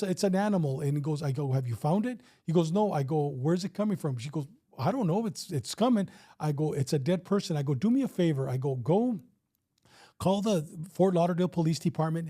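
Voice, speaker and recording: A man's voice: fairly high pitch, dark tone. A man in his fifties, a retired police officer, telling a story in a casual interview and acting out the dialogue with some swearing.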